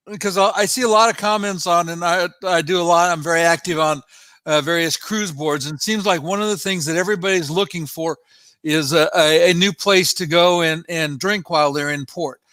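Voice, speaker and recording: Man, host, high voice, dry close sound, hesitant questions with fillers. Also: fairly bright tone, dry recording. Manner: halting, fills questions with ums and uhs. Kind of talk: interview questions.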